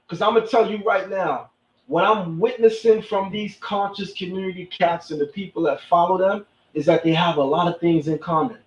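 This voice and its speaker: Guy doing commentary, preachy and emphatic, repeats himself, kinda high voice, echoey and far from the mic. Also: steady tone, normal speed. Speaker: host. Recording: echoey, distant, dull sound.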